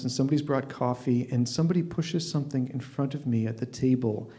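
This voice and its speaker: A man in his fifties telling a story at an open mic, wry and deadpan, often restarting his sentences. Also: mid-range voice. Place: stage at an open mic night.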